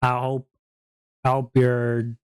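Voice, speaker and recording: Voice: medium pitch, completely flat delivery, slow pace, smooth. A VTuber streamer in casual live-stream chat, joking around and reading viewers' messages aloud before answering them. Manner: playful, goofy, jokey banter.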